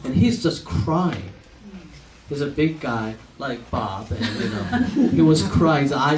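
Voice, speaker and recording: A man's voice: a little high, expressive, a little mellow. A man in his forties, an eye doctor, telling a chatty story to an audience, laughing often and acting out what people said. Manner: slow, chatty, laughs often, acts out dialogue. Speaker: optometrist speaking at a company event. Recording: echoey hall from far off, faint noise.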